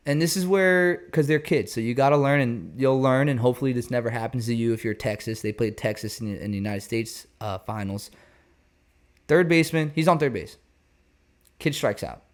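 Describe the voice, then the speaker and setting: A man hosting a baseball show, talking casually in an animated, jokey, rambling way. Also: medium pitch.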